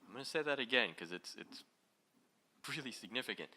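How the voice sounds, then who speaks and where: A man giving a live inspirational talk, playful and animated, with big jumps in pitch and loudness, who asks the audience questions directly. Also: fast. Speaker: motivational speaker.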